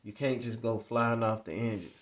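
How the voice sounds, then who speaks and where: A man's voice: medium pitch, fairly even intonation, normal speed. Man rambling through a casual story. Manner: rambling, repetitive, conversational. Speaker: vlogger.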